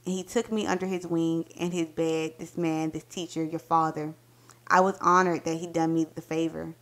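A woman with a fairly low voice reads a short story aloud as a dramatic performance. She tells it in an intimate, expressive first-person voice. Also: moderate pace. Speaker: book reviewer reading a story aloud.

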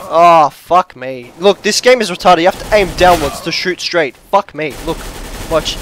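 A man commentating his own shooter gameplay, swinging between frustrated shouts, rants and quiet muttering. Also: high-pitched, normal speed, background noise. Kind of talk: gaming commentary. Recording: game gunfire behind the voice. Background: gunfire from the game.

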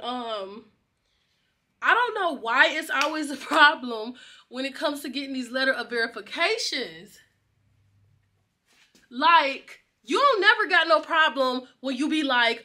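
Young woman vlogger, high and bright, excitable and slangy, laughs a lot. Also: a little slow. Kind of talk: casual vlog chat.

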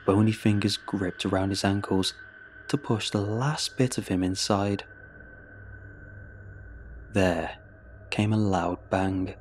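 A man narrating a horror story in a measured, steady way. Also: lowish voice, slight background noise. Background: faint music.

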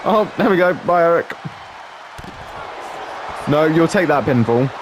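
A man's voice: a little high, animated, unhurried, a crowd in the background, noisy background. A man giving casual, joking let's-play commentary, laughing often and calling people mate. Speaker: gameplay commentator.

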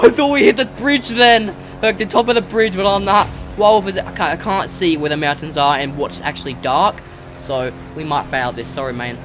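A gamer giving excitable let's play commentary, yelling and cheering often while flying. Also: medium pitch.

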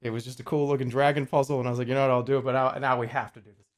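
A man's voice: mid-range voice, flat delivery, rapid-fire. A man in his forties streaming casually, joking and swearing as he chats to viewers while putting a puzzle together. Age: 40s. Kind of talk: casual livestream chat.

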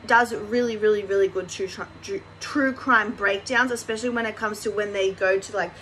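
A woman's voice: medium pitch, steady tone, brisk, fairly bright tone, slight background noise, low-quality recording. A woman hosting a casual commentary vlog, rambling with many fillers and restarts. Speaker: commentary channel host.

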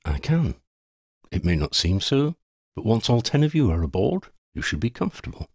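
A man reading a calm, deep-voiced, unhurried ferryman in an audiobook story. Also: slightly rough, no echo, studio quality, full character voice. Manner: calm, unhurried, gently amused. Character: tall thin mild-voiced ferryman, deep and musical.

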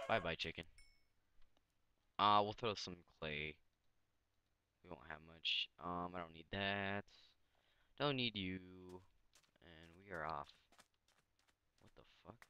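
A young man talks through a block-building game in a loose, tired mumble that jumps into sudden excitement. His voice sits on the low side yet sounds bright and a little tense. Faint hiss and clicks sit under his casual commentary. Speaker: gaming channel host. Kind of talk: casual let's-play commentary.

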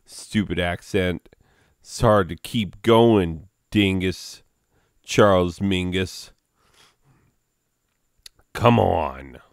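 A man's voice: low voice, extremely slow, vocal fry, long pauses, dry recording, clean studio sound. A man, a father, breaking off into casual self-mocking asides while hosting a comedy reading. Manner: self-deprecating, mumbled asides. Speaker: comedic video host, father.

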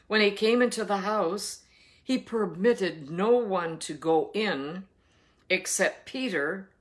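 Slow, low-voiced woman reading scripture. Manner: earnest, asks listeners rhetorical questions; reads scripture slowly with emphasis. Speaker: daily Bible reader and teacher. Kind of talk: devotional Bible reading with commentary.

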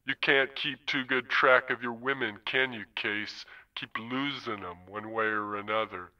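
A man voicing a languid, mocking AI posing as a pimp, slow and hushed, in an audiobook heard as dull old tape. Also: mid-range voice, fairly even intonation. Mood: taunting.

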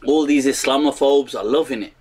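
A man's voice: mid-range voice, a little fast, darkish tone, breathy edge. A man giving mocking commentary, telling a story with frequent laughter and Urdu phrases mixed into his English. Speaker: online commentator.

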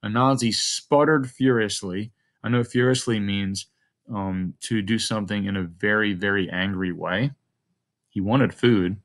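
Low-voiced man teaching a class. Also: measured pace. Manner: thinks aloud, asks the listener questions. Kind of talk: modeling a close read aloud.

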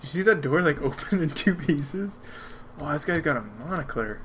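A man's voice: on the high side, moderate pace, a bit bright, a little hiss or hum. A man playing a video game and joking with a friend, reading the on-screen text aloud in silly voices. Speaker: gamer playing on camera. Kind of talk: casual let's-play banter.

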